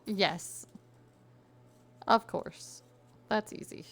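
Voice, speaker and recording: A woman's voice: mid-range voice, steady tone, slow, vocal fry, pauses often. A young woman streamer chatting casually with her viewers while crafting, reading chat aloud and giggling often.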